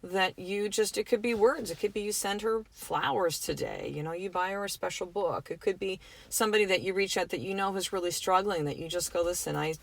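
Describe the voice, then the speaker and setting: A woman's voice: medium pitch, a little fast, creaky, hardly any pauses. A middle-aged woman hosting her own podcast, talking in a casual, earnest, motivational way, full of fillers and the odd swear word. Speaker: podcast host. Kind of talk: motivational solo podcast talk.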